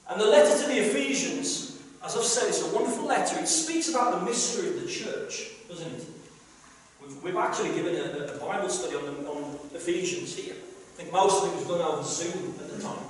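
A man's voice: sits high, fairly quick. Man, pastor, emphatic sermon, rhetorical questions, distant mic, live church recording. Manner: emphatic preaching with repeated phrases and rhetorical questions. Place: church hall, live service. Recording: echoey live church hall recording from far off.

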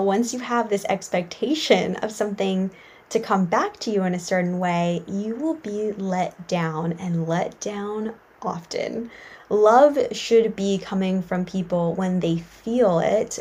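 A woman's voice: medium pitch, a little mellow. A young woman talking casually and earnestly to listeners, reflecting on needs and people-pleasing with frequent fillers. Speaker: self-help podcast host. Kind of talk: casual advice monologue.

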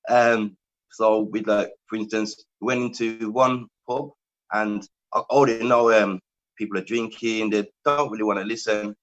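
A man who is a poet, telling his story calmly and steadily as an interview guest. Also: lowish voice, unhurried, muffled recording.

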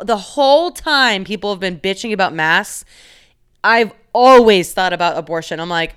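A woman's voice: mid-range voice, normal speed, a bit bright, clear, resonant tone. A young adult woman hosting a casual solo podcast, talking candidly in a rambling way, with many fillers and free swearing. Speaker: podcast host.

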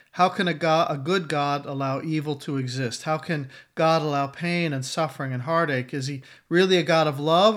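A middle-aged man with a slightly higher voice teaches from the Bible on his podcast. He talks in an earnest, measured way and speaks straight to the listener. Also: a bit bright. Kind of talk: scripted devotional podcast teaching.

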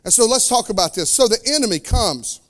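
A man preaches as a pastor with fervent energy, his high-pitched voice expressive throughout. Loud declarations give way to quiet, slowed asides and back again.

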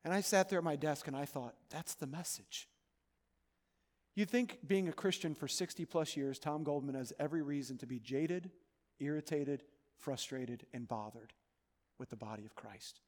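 A man preaching a sermon as pastor of his church, earnest, moving between loud urging and soft, hushed pleading. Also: fairly high pitch, moderate pace, big-room sound. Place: church sanctuary.

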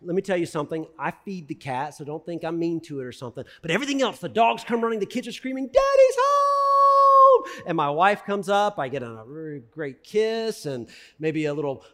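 A middle-aged man preaching a sermon as a pastor, animated, swinging between loud emphasis and hushed asides. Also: a little high, fast. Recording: long reverb of a large hall.

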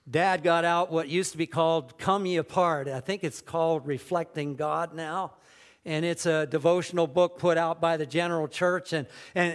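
A middle-aged male pastor preaching a sermon, emphatic, repeating key phrases and leading the congregation to say them back. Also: sits high.

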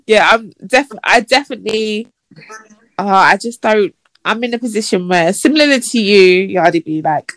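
A woman chats on a podcast and tells stories at length, now and then putting on a mocking voice to act out messages. The sound is dry and close to the mic, and her pitch sits in the middle. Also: expressive, moderate pace, a bit bright, no echo. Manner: chatty and storytelling, acts out messages in a mocking high voice. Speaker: podcast co-host. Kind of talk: casual chat.

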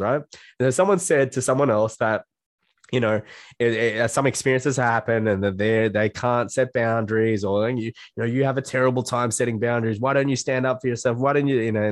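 Blunt low-voiced male life coach. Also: dry recording, clean studio sound. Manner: blunt, swears freely, acts out quoted self-talk. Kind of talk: casual podcast conversation.

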